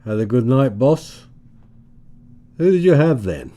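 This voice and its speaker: Guy reading nervous lonely worker, low mellow voice, hurried. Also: expressive. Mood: leering. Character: lonely migrant man, nervous and hiding his secret.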